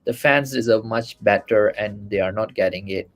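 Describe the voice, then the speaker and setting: A man's voice: fairly low pitch, moderate pace. A man from Malaysia, a guest on a fan podcast, venting his frustration in a blunt, heated manner. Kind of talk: casual fan podcast chat.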